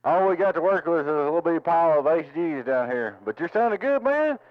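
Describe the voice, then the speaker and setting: A man's voice: fairly high pitch, lively intonation, fast, no echo, muffled recording. A man at his home radio station, chatting on CB and repeating call signs and handles in radio lingo. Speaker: CB radio operator.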